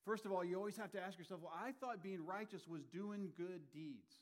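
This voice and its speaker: A man preaching a sermon, animated and expressive, his volume rising and dropping as he acts out the people he quotes. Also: sits high, brisk. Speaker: pastor.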